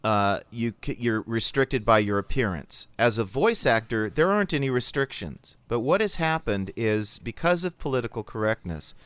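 A man's voice: mid-range voice, expressive, normal speed, hardly any pauses, a bit bright, clean tone, dry recording. A man who works as a voice actor, talking bluntly in a podcast discussion, swearing and restarting his sentences. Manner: blunt, profane, rambling with restarts.

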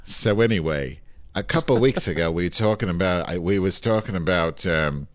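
A man co-hosting a casual chat, telling a story with big animated delivery. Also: sits low, normal speed. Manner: animated, breaks into loud shouting when acting out quotes.

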